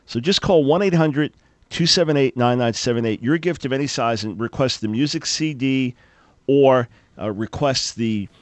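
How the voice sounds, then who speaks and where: In a radio studio, an older man hosts a talk show, speaking emphatically and animatedly and often repeating words as he starts a thought. His voice is medium-pitched at normal speed, and the recording is dry.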